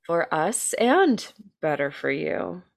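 This American true-crime podcast co-host has a low, creaky voice with big pitch swings, and she takes her time. Recounting a case in casual chat, she's chatty and filler-heavy, pokes fun at herself and sometimes swears.

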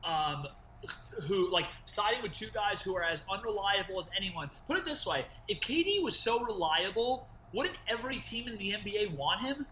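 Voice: mid-range voice, expressive, normal speed, pushed and bright. A podcast co-host in casual sports talk, restarting sentences and filling them with "like". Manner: stammering restarts, many fillers of "like". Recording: muffled and roomy with faint background noise.

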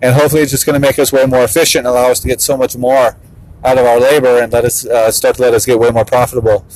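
Talking very fast in an even, slightly mellow, medium-pitched voice, a father in his thirties who owns a business gives a casual vlog monologue. He laughs often and jokingly imitates his kids. The audio quality is poor.

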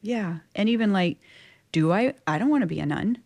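A woman from Louisiana, a Catholic religious sister, telling her personal story as an interview guest in a chatty, expressive way full of casual fillers. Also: medium pitch, a little fast. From Louisiana, USA.

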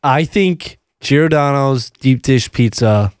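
A young man co-hosting a casual podcast chat, reacting with quick, lively opinions. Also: medium pitch, smooth, no room sound, studio quality. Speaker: podcast co-host.

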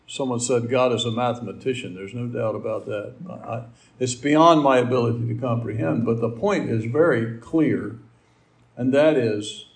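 Male preacher, middle-aged, gravelly, conversational and folksy sermon delivery. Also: medium pitch. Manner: folksy, rambling, with asides and fillers.

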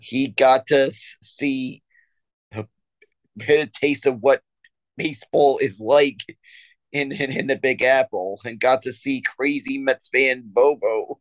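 A man chats casually on a sports podcast and trips over his words, repeating himself before he gets to the point. His voice sits at an ordinary pitch. It is recorded close and dry, with a slightly dull, muffled sound. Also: slow pace, dry recording. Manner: rambling storyteller with many restarts and stammers. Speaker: podcast co-host.

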